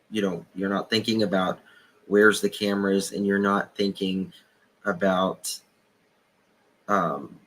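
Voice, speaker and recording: A man's voice: low voice, fairly bright tone. A man hosting a casual livestream from his home office, rambling and repeating himself as he reads chat and talks things through. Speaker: livestream host. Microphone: desk microphone. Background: birds chirping through open window.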